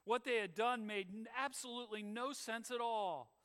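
Bright, high-voiced man preaching in a hall. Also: moderate pace. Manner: emphatic, rising and falling preaching cadence. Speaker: pastor. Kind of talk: sermon.

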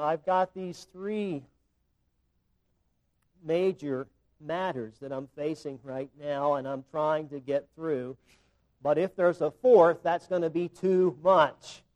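A man's voice: a little high, a little mellow, dull audio. A man preaching a sermon, explaining a Bible text with emphatic, repeated phrasing.

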